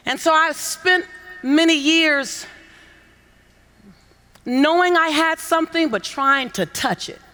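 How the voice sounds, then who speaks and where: A woman giving a motivational keynote on a conference stage, coaxing the audience into call-and-response and building to shouts with repeated phrases. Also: sits high, takes it slowly, long pauses. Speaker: motivational speaker. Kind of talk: keynote speech to a conference crowd. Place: large conference hall on stage.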